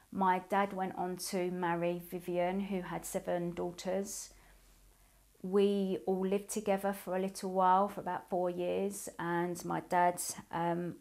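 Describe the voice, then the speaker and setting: A woman in her forties speaking as a survivor, giving a halting, emotional personal testimony with many pauses. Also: fairly low pitch, darkish tone. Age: 40s. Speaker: abuse survivor sharing her story.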